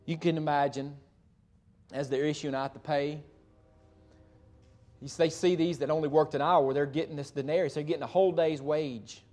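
A man's voice: fairly high pitch, fairly even intonation, moderate pace, pauses often, a little mellow. A pastor preaching a sermon and reading scripture, emphatic and conversational, tossing rhetorical questions to the congregation and correcting himself as he goes.

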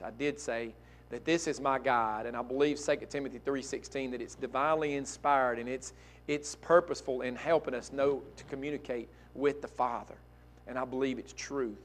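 A male pastor preaching a sermon, dropping to quiet asides and climbing to loud, emphatic peaks. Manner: swings from soft asides to loud, high-pitched emphatic preaching.

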